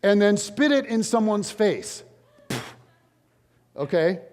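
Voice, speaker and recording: A man preaching a sermon as pastor, conversational and animated, with jokey asides to the congregation. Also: high-pitched, slow. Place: large church sanctuary. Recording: long hall reverb.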